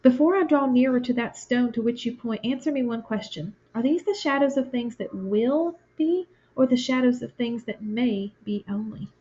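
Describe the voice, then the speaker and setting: A woman's voice: a little high, moderate pace, hardly any pauses, warm tone, natural voice. A woman reading the part of an old miserly man who begs a ghost for another chance, in a fervent, urgent voice. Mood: anxious. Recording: lo-fi, dull sound.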